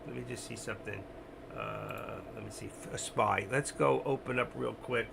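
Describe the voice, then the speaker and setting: Speaking at a moderate pace with fairly even intonation, a man with a lowish, vocal-fry voice runs an options trading livestream. He's casual and rambling, self-deprecating, and speaks directly to the people watching. Background noise can be heard.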